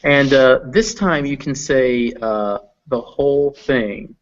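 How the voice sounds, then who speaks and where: A man's voice: mid-range voice, slow pace, background noise. A man teaching English pronunciation in an online lesson, patient and encouraging, with lots of fillers. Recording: dull lo-fi voice chat audio.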